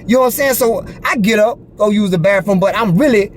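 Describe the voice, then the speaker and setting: A man's voice: sits high, fast, slight background noise. A man telling a personal story straight to the camera, talking in street slang with lots of swearing and constant check-ins with the listener. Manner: animated, profane street slang, repeats "you feel me". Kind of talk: casual storytelling monologue.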